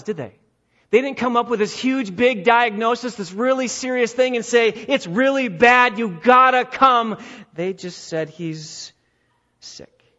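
A man preaching a sermon, repeating phrases for emphasis and swinging between loud build-ups and hushed, quiet drops. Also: sits high, lo-fi sound. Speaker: pastor.

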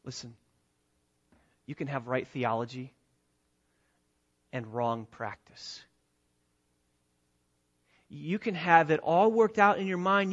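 High-voiced emphatic preacher man. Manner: emphatic preaching, swings between soft asides and raised lines. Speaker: pastor. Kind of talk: sermon. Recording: slightly dull lo-fi sound.

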